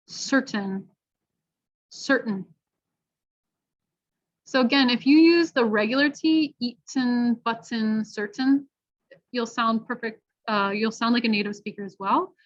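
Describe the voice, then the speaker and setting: A woman teaching pronunciation, modeling words slowly and repeating each one clearly. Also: on the high side. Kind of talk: slow, clear pronunciation lesson. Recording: dull lo-fi online class audio.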